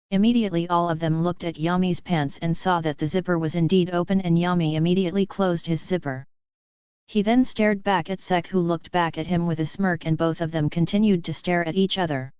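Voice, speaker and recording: A woman narrating a webnovel audiobook in an even, mechanical read that even reads out asterisks. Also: on the low side, brisk, clean tone, no room sound. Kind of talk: synthetic-sounding webnovel narration. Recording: dry, slightly dull lo-fi audio.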